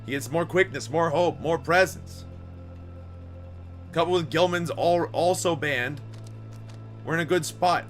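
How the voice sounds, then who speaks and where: A man's voice: on the high side, measured pace, long pauses, a bit bright, soft background music. A man giving casual, joking let's-play commentary with a strained throat. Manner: casual, joking, self-deprecating. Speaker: game commentator.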